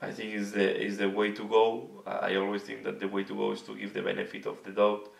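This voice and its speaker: A hoarse man hosting a hobby video channel, talking casually and earnestly to camera and searching for his words. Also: fairly low pitch, monotone, fairly quick. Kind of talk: casual vlog talk to camera. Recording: echoey room, mic at a distance.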